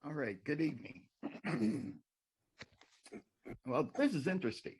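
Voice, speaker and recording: A sarcastic man at a council meeting podium, needling the members in a slow, unhurried delivery. His pitch swings widely as he mocks and questions, rambling between jabs. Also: very animated, husky. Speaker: public commenter at city council. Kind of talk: public comment speech.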